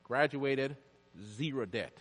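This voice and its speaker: A man preaching a storytelling sermon, swinging from loud, high bursts to hushed asides. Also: slow, breathy edge. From Jamaica. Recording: long hall reverb.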